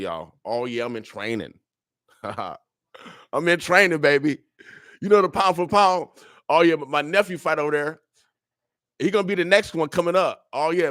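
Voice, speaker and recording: A man's voice: a little high, fairly bright tone, no room sound. An older man speaking on a radio show in a studio, preaching and joking, repeating himself in casual street talk. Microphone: studio microphone.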